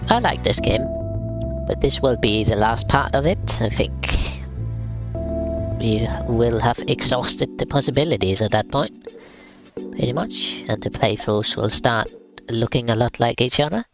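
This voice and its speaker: Male streamer, casual wry commentary, rambling, soft music underneath. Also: medium pitch, measured pace. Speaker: game streamer. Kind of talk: live gameplay commentary.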